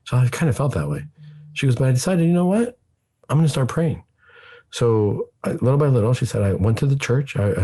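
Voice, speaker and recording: Gravelly-voiced psychiatrist telling a story. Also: male voice, mid-range voice, mellow. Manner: anecdotal, acts out quoted dialogue; frequent fillers and restarts. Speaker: psychiatrist guest. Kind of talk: radio talk, telling a patient story.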